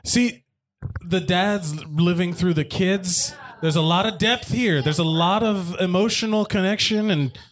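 A man's voice: sits high, unhurried. A man hosting a casual movie commentary podcast, joking and swearing as he rambles with restarts. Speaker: podcast host.

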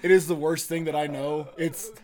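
A man co-hosting a podcast in casual chat, relaxed and telling crude jokes with laughing asides. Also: a little high, normal speed. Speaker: podcast co-host.

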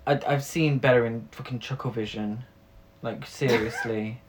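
A woman's voice: extremely low pitch, fairly even intonation, moderate pace, a little hiss or hum. Woman, podcast co-host, dry sarcastic film-recap chat. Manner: sarcastic, swears, laughs often.

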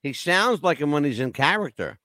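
Animated joking man on a podcast. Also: a little high, moderate pace, no echo. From United States. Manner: animated, joking, loud laughs. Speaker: co-host. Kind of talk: casual roundtable chat.

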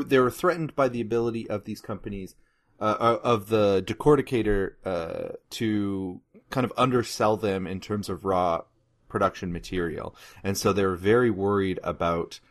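A man's voice: on the low side, a little slow. A man chatting casually about history on a comedy podcast, rambling and swearing, often breaking into laughs.

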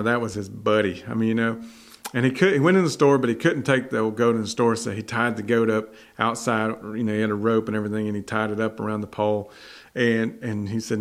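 Guy preaching a sermon, gravelly voice, folksy storytelling that turns fired up. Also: medium pitch. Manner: folksy, building to emphatic preaching. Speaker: pastor.

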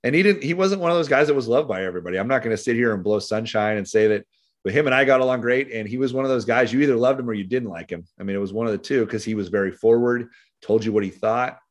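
He's a fast talker with a mid-range voice, a middle-aged sheriff's deputy and author with a Californian accent. Appearing on a podcast, he rambles through stories with plenty of fillers in a casual interview.

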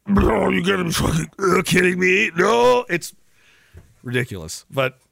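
A young man rants through a casual livestream, swearing freely and mocking what he reads from chat. His voice sits high and swings widely in pitch. It has a sharp, forceful edge and a dry, close sound with no room echo. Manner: profane, sarcastic, acts out mocking voices. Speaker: livestream host reading chat. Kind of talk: casual ranting livestream commentary.

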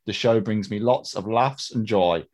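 A man's voice: fairly low pitch, normal speed, a little mellow. Chatty self-deprecating male co-host. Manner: chatty, hesitant, laughs often, self-deprecating. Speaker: podcast co-host. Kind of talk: casual podcast chat.

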